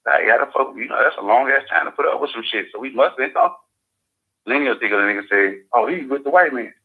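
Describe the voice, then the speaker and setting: A man's voice: medium pitch, fast. A man in casual radio talk, speaking in a loose, profane street manner. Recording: phone-like lo-fi audio.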